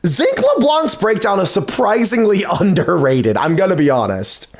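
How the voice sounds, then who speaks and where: Chatty, animated let's play dubber. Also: male voice, sits high, moderate pace, hardly any pauses. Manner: casual and chatty, full of "like". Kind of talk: casual gaming commentary.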